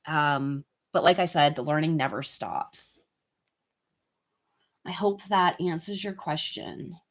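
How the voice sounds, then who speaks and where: A woman hosting a live tarot stream, giving card readings in a soft, unhurried way with many pauses and fillers. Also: sits low, rough recording. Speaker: tarot reader and channel host.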